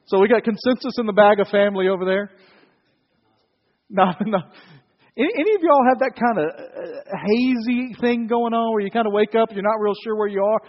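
A pastor with a high voice preaches in a conversational, joking way. His voice carries a long echo through a large hall, and the sound is slightly dull. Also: a little fast. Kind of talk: sermon.

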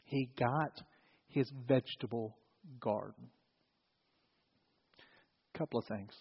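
A man's voice: mid-range voice, slow, gravelly, husky. Guy preaching a sermon, acts out the story, kinda muffled sound in a big echoey church. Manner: animated storytelling, acts out characters. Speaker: pastor.

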